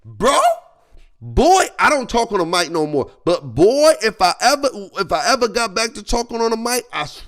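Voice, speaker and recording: A man's voice: high voice, normal speed. A man streaming, ranting in a loose, slangy way and laughing as he goes. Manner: animated, slangy, laughing as he rants. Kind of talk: reaction stream rant.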